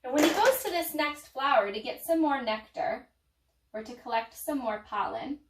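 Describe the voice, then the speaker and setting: A woman teacher giving a playful, animated lesson to young children, with dramatic pauses. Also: sits high, slight background noise. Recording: echoey room, mic far off.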